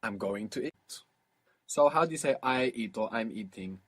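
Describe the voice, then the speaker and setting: A man teaching a recorded language lesson, explaining patiently and repeating word forms slowly. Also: lowish voice, lively intonation. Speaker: language teacher on audio course.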